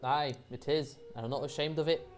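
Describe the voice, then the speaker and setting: Gruff pirate frog captain in a mock Scottish accent, deep and blustering, as a woman puts him on. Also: fairly even intonation, fairly quick, faint music behind, lightly acted. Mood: defiant.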